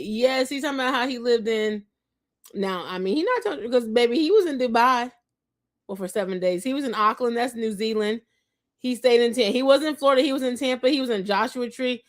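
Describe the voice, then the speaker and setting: A woman hosting a casual recap podcast, talking in with a fairly high voice. She chats freely and keeps acting out other people's lines in quick bursts. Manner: chatty, animated, acts out quotes of others. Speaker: podcast host.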